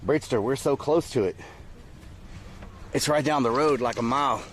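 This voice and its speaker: A man's voice: mid-range voice, normal speed, slight background noise. A man streaming live outdoors near water, chatting casually with his viewers.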